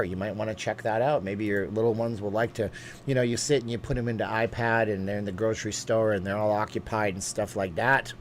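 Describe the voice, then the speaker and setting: A man's voice: mid-range voice, a little hiss or hum. A man hosting a casual live-stream chat, rambling from one topic to the next. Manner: rambling, chatty, quick asides and laughs.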